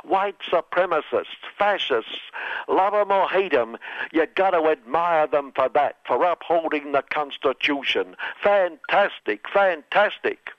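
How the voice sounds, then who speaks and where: A man's voice: a little high, animated, measured pace, dry recording, dull audio. A man putting on a blustering, boastful older male politician who keeps repeating superlatives. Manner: repetitive, bragging superlatives.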